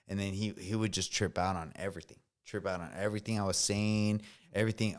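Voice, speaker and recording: A man's voice: deep voice, fast. A man in his thirties, a veteran guest on a podcast, telling stories in a casual, slangy way, often swearing and saying bro. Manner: slangy, says bro a lot, swears freely.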